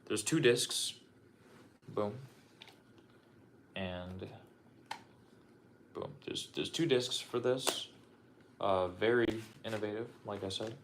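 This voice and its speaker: A man's voice: lowish voice, takes it slowly, pauses often, background noise. Casual, cursing young man on a stream. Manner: loose, profane and repetitive, with frequent restarts. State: out of breath. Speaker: streamer showing his game collection. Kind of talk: casual livestream chat.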